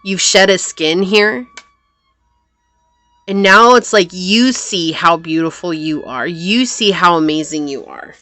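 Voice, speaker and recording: Bright-voiced woman reading tarot cards. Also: lowish voice, slow, dry recording, soft background music. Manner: earnest, thinking aloud while pulling cards. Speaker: tarot reader. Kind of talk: pick-a-card tarot reading.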